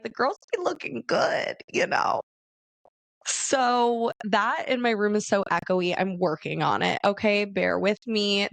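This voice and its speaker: A young woman hosting her own podcast from her bedroom on a handheld mic, chatty, bubbly and profane, rushing her words in casual solo talk. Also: mid-range voice, vocal fry, no room sound. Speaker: podcast host. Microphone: handheld microphone.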